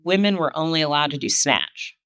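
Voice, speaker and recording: A woman, a kettlebell athlete, talking through her career in a relaxed way with lots of fillers on a podcast. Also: sits low, fairly quick, dry recording. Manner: laid-back storytelling with many fillers. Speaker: guest, kettlebell sport athlete. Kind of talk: casual podcast conversation.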